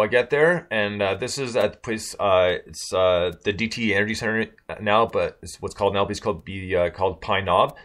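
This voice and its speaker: Low-voiced man telling a rambling story. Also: a bit bright. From Michigan. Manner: rambling, many fillers and restarts, laughs while telling. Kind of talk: casual storytelling chat.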